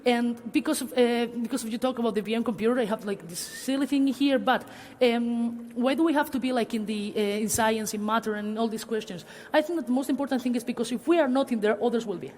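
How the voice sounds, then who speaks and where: A woman's voice: on the high side, fast, hardly any pauses, a little mellow. Hesitant woman speaking in a reverberant hall. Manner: hesitant, many fillers. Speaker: panel speaker. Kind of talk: public talk in a panel discussion. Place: cultural centre hall.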